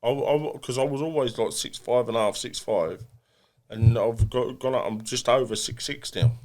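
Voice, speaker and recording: At a moderate pace and medium pitch, with a slightly mellow tone, this man from England chats as a guest on a casual podcast. He's a boxer who speaks frankly, runs himself down, and frequently starts his sentences over.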